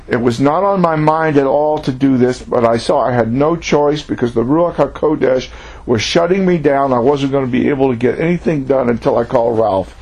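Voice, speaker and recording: A man with a husky, breathy voice delivers a personal testimony sermon. He tells his story earnestly and reflectively, at a middle pitch. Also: moderate pace, a little mellow. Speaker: preacher.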